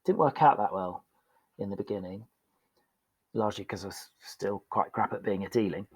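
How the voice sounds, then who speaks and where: A performance coach appears as a podcast guest, talking candidly and with self-deprecating humour about his past work in a conversational storytelling style. His voice sits on the low side, with a breathy edge and a moderate pace. There's no echo in the recording.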